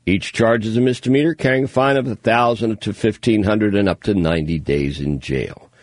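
A man's voice: on the low side, brisk, no room sound. Chatty male radio talk host. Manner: chatty, animated storytelling with asides. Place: radio studio. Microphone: studio microphone.

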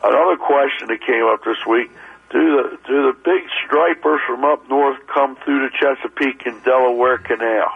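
A man's voice: medium pitch, moderate pace, creaky, husky. A man calling in to a radio show, congested from a chest cold, hesitant and repeating his words. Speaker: caller. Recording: dull phone line into radio.

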